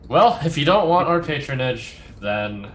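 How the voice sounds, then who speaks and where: A man's voice: a little high, very animated, unhurried, a bit bright, slight background noise. A man taking part as a player in a tabletop role-play, talking hesitantly with fillers.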